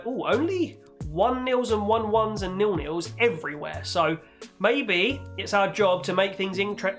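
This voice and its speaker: A young man commentating on his own football video game match, chatty with viewers and bursting into shouts when his team scores. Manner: excitable, shouts and leaps in pitch on goals; chatty, talks to viewers as "guys" and "boys". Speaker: gaming YouTuber.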